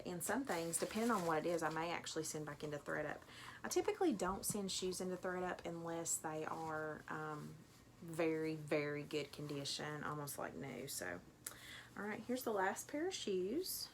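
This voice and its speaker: A woman's voice: on the low side, slight background noise. A middle-aged woman with a Tennessee accent, chatting casually through an unboxing vlog at home, rambling with lots of ums. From Tennessee, USA. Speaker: thrift reseller vlogger.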